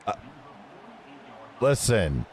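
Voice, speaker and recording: A man's voice: fairly low pitch, very animated, extremely slow, noisy background. A man chatting casually with his live-stream audience while playing a game, joking and reading chat messages aloud. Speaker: gaming streamer.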